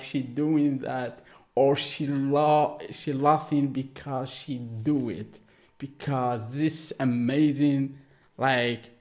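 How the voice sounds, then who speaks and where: A man from Algeria hosts a reaction video, speaking excitedly in broken English and exclaiming a lot. His voice is mid-range.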